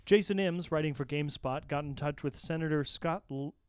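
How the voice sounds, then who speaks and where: Male podcast host, smooth tone, slightly high voice, steady news read with asides. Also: a little fast, no echo. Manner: reads items steadily, with small restarts and asides. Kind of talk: podcast news rundown with banter.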